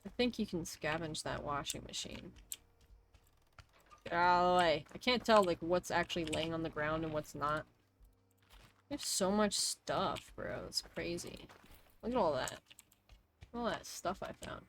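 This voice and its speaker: A woman streamer casually commenting on her gameplay in soft, muttered asides. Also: deep voice, lively intonation, moderate pace, slight background noise.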